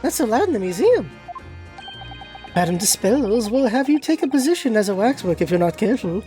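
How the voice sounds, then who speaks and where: A woman's voice: on the high side, sing-song, fairly quick, warm tone, soft background music. A woman voicing an earnest young male defense lawyer who gets flustered easily.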